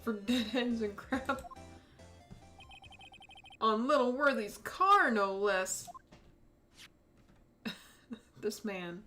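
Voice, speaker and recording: A woman's voice: on the high side, animated, extremely slow, long pauses, pushed and bright, faint music behind. A young woman casually commenting while she plays a story game, giggling often and gushing over the characters. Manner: giggly, playful, gushing asides. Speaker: let's-play streamer. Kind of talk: casual game commentary, reading dialogue aloud.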